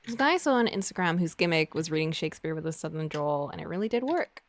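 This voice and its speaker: A woman's voice: low-pitched, animated, fast talker, a little hiss or hum. A woman in casual chat with a playful, teasing way of talking.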